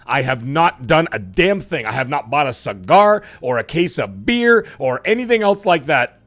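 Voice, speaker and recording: A man with a hoarse, cracking voice hosting a live stream, chatting casually and rambling with fillers as he thanks viewers. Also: on the high side, big pitch swings, normal speed, fairly bright tone. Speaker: livestream show host.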